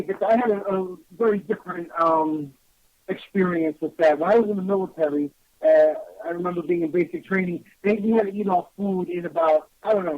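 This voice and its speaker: A man with a New York accent hosting a radio show, telling stories in a blunt, salty, casual way. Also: high-pitched. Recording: slightly muffled lo-fi radio audio.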